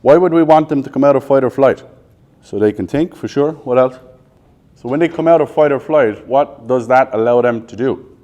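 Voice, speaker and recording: The recording is muffled, capturing an Irish sales trainer in his thirties before a live training-room audience. With a dark tone at ordinary middle pitch, he rattles off questions, finishes the answers himself, and swears freely in his blunt delivery.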